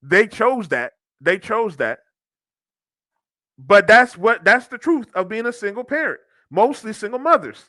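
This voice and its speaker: A man's voice: high voice, big pitch swings, unhurried, bright, forceful tone. A man hosting a reaction commentary, blunt and mocking, often laughing at what he reads. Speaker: podcast host.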